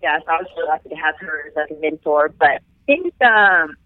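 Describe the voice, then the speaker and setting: A woman's voice: sits low, lively intonation, a little fast, no room sound. A young woman from Northern Virginia, a runner who is the guest on a podcast, chatting over the phone with playful, self-deprecating humor. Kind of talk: phone interview. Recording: tinny dry phone line.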